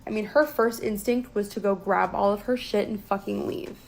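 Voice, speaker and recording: A young woman telling a personal story as a guest in a casual, profane, animated way. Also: medium pitch, normal speed, gravelly, poor audio.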